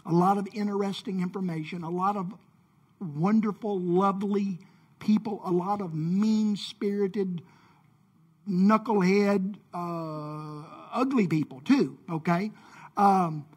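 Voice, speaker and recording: A man's voice: high voice, slow, slightly rough. A man preaching a sermon in a conversational, folksy way, with playful asides. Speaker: pastor. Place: church sanctuary.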